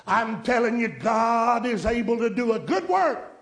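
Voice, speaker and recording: Male country preacher, high voice, storytelling sermon, echoey church sound. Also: sing-song, unhurried, creaky. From rural United States. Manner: storytelling preacher, rising to emphatic pleas.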